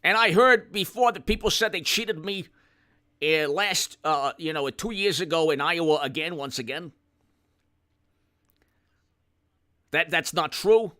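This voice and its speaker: A man doing a comedic impression of an elderly senator, hectoring and mock-indignant. The voice sits a little high and sounds bright and forceful, and it stumbles into emphatic restarts. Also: normal speed. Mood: sarcastic.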